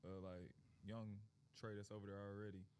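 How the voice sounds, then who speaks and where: A man giving measured opinions in a casual sports talk. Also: on the low side, little pitch movement, darkish tone, slight background noise.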